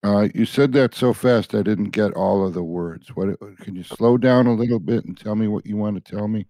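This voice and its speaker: A man baiting a phone scammer in a dry, impatient, sarcastic way. His voice sits fairly low. The sound is dry and close. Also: normal speed, dark tone, no room sound. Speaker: scambaiter. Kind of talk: prank call.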